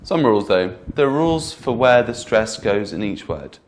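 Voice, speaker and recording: A man teaching English pronunciation, speaking clearly and modeling each word slowly with exaggerated stress. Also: fairly low pitch, sing-song, a little hiss or hum. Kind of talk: slow, clear teaching delivery.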